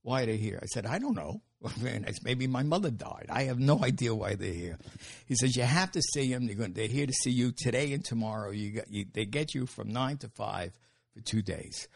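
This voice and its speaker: An older man telling stories as an interview guest, animated and laughing, with casual swearing. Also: mid-range voice, brisk, vocal fry, slightly rough. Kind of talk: storytelling in an interview.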